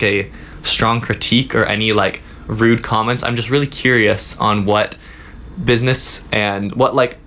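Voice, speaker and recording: A young man, a student guest in a casual interview, telling a story in a halting way with many fillers. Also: medium pitch, a bit bright, a little hiss or hum. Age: young adult. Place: office.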